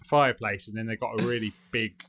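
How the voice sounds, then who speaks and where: A man's voice: lowish voice, steady tone, fast talker, fairly bright tone. A man co-hosting a design podcast in casual chat, hesitant and rambling with many fillers. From United Kingdom. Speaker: podcast co-host.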